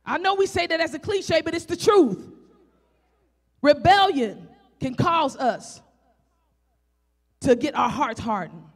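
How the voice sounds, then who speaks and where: Fervent high-voiced woman preaching in a hall. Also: expressive, takes it slowly, long pauses. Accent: Southern US country. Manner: fervent, rising to shouts, rhetorical questions. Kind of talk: sermon. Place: church sanctuary. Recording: echoey church hall.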